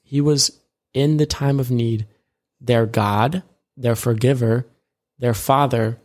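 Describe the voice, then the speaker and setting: A man's voice: mid-range voice, fairly even intonation, takes it slowly, a little mellow. A man co-hosting a faith podcast, chatting casually and retelling scripture scenes in everyday words, rambling and correcting himself as he goes. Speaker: co-host of a discipleship podcast.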